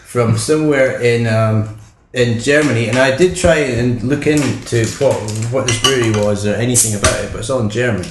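A man's voice: mid-range voice, brisk, hardly any pauses, reverberant, noisy background. A man on a casual podcast, talking offhandedly and rambling a little, with a self-deprecating tone. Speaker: podcast regular. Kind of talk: casual chat over beers.

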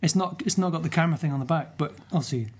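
A man's voice: fairly high pitch, very fast, breathy edge. A man hosting a beer podcast, chatty and teasing in casual talk. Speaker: podcast host. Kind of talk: casual chat.

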